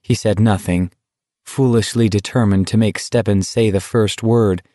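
A man narrates a novel in a measured, even reading. His voice sits low. The recording is close and dry, with no room sound. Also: no echo. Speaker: audiobook narrator. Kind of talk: scripted narration.

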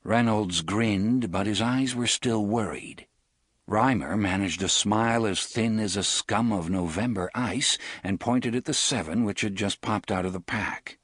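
A man narrating an audiobook in a steady, measured storytelling voice. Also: low voice, slightly rough, no echo, studio quality. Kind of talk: scripted narration.

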